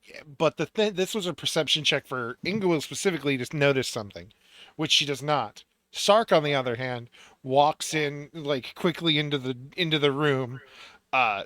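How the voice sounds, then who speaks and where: Relaxed joking man running a game. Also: mid-range voice, clean tone, dry recording. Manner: laughs often, loose joking narration. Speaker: dungeon master. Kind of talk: narrating a tabletop game.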